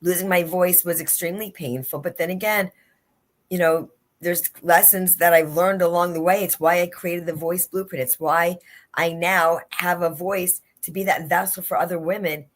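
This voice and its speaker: Woman, life coach, earnest, inspirational, repeats key phrases, slightly low voice, video call. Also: steady tone, moderate pace. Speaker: guest, life and leadership coach. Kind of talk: livestream interview, motivational talk.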